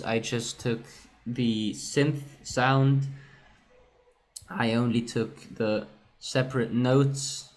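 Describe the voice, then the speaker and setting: Male producer explaining his own track at an unhurried pace, in an even and mostly level voice. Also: fairly low pitch. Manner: casual and self-correcting, often says "right". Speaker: music producer. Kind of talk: screen-recorded production walkthrough.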